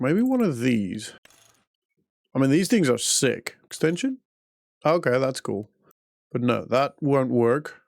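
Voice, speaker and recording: A man's voice: mid-range voice, darkish tone, no room sound. A young man hosting a farming game channel, talking himself through problems in casual let's-play commentary with a chatty, self-amused manner. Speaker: gaming channel host.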